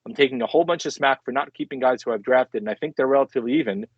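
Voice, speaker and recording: A man's voice: medium pitch, racing, no room sound. A man co-hosting a sports talk show, talking it through conversationally with lots of "I mean" and "look" and some teasing. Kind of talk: casual sports debate. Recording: slightly dull lo-fi sound.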